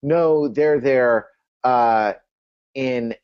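Academic guy thinking out loud, lots of restarts, mid voice, kinda muffled call audio. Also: mid-range voice, very slow, smooth. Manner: academic, hesitant, many restarts. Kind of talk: casual analytical discussion. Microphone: video call.

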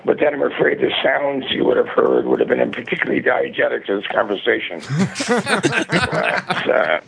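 A man with a deeply gravelly, rough voice calls in over a muffled phone line. He talks in a sardonic, profane way, laughs often, and swings his pitch all over the place. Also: very animated, moderate pace. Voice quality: raspy gravelly. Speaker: phone-in guest. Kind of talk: casual phone interview. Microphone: phone headset.

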